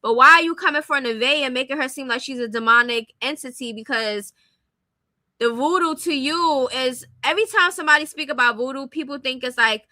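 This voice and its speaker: A young woman with a high, very bright voice, talking casually and bluntly to her audience. She is close on the mic in a dry room with no echo. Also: fairly quick. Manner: blunt, opinionated, speaks directly to viewers. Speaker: commentary streamer. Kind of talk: casual commentary on celebrity gossip.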